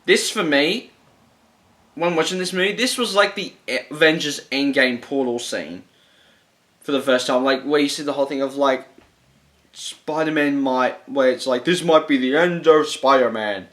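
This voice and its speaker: A man's voice: medium pitch, moderate pace, a bit bright. A man casually ranking movie final battles, rambling enthusiastically with lots of fillers and restarts. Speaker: movie reviewer.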